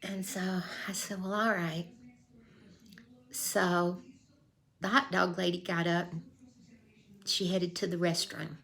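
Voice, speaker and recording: A woman's voice: on the low side, level tone, slow pace, gravelly, pauses often, fairly bright tone. An older woman telling a folksy true story in a casual vlog, acting out the voices she quotes. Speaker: vlogger.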